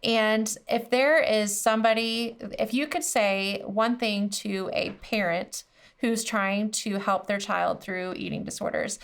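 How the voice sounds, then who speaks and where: A woman's voice: mid-range voice, measured pace, smooth. A woman hosting a podcast interview, encouraging her guest and backing her up with frequent "mm-hmm". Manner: warm encouraging, constant "mm-hmm" backchannel. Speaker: podcast host. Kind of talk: casual interview chat.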